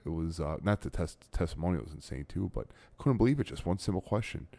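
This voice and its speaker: Deep-voiced man hosting a podcast. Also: quick pace, gravelly, no room sound. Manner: animated storyteller, laughs often, stumbles and restarts. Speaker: podcast host. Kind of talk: casual podcast chat.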